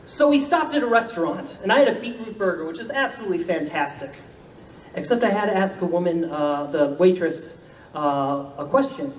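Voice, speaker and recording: A man from Florida telling wry, deadpan comic stories on a convention stage. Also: high voice, brisk, far from the mic, slight background noise. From Florida, United States. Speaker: convention storyteller, comedian. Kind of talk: stand-up storytelling. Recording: roomy hall, voice from afar.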